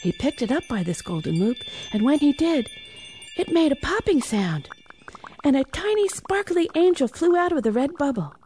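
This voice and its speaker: A woman reading a children's Christmas bedtime story, animated with hushed, whispery asides. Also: high voice, moderate pace, slight background noise.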